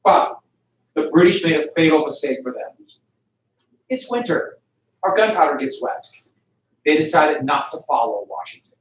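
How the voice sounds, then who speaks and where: A man with a slightly high voice teaches a history class at a moderate pace with long pauses, telling it like a story, acting out quotes and quizzing students. The animated classroom lecture is recorded far from the mic in an echoey room.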